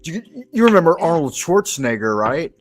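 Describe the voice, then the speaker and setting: A man's voice: a little high, brisk, soft background music. Profane storytelling man. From Southern California. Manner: rambling, profane, animated anecdotes. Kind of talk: casual conversational storytelling.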